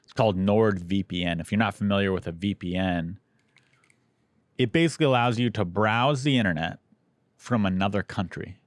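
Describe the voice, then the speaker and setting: Low-voiced male podcast host. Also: no room sound. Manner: teasing, quick banter. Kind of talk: casual chat and ad read.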